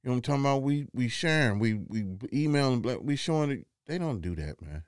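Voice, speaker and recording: A man co-hosting a casual talk show, rambling and halting as he chats. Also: medium pitch, expressive, smooth, no echo, studio quality. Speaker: podcast co-host. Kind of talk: casual chat.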